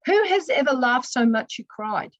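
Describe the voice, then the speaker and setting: A woman's voice: sits high, expressive, moderate pace, dry recording, dull audio. A woman, a counselor talking earnestly on a podcast and explaining with restarts and asides. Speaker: guest, counselor. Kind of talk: casual podcast conversation.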